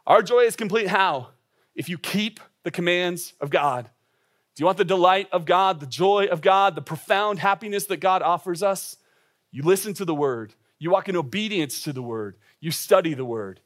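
A man's voice: high-pitched, fairly bright tone. A man giving a sermon as a pastor. He speaks with urgency, asks the listeners direct questions and often restarts his words. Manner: earnest, urgent preaching with frequent quick restarts. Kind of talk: sermon to young adults.

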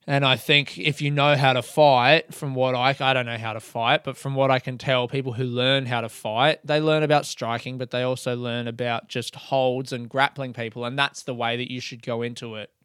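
A man's voice: mid-range voice, little pitch movement, normal speed, few pauses, fairly bright tone, clear, resonant tone, dry recording. A man hosting his own podcast in a casual solo monologue, talking in a candid, reflective and slightly self-mocking way into a close microphone. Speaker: comedian and podcast host.

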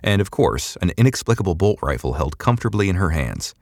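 Very deep-voiced male audiobook narrator. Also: dry recording, clean studio sound. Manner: steady, measured storytelling.

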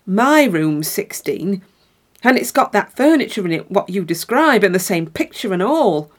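A woman's voice: mid-range voice, very animated, normal speed. A woman reading the part of a heavy man staying at a hotel, who speaks bluntly and plainly.

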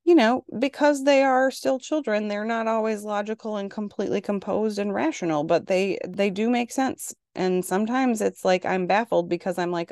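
A woman from Minnesota in her forties, hosting a casual podcast monologue and telling parenting stories in an exasperated, animated way. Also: mid-range voice, normal speed, few pauses, clean tone, no echo, clean studio sound. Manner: exasperated, animated storytelling with acted-out quotes. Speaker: podcast host.

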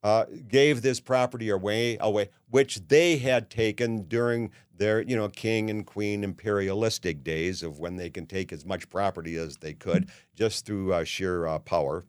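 A man's voice: on the low side, moderate pace, hardly any pauses, smooth, no echo. Blunt ranting man in his seventies. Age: 70s. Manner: ranting, blunt, many fillers and restarts. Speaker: podcast host. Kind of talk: opinionated monologue.

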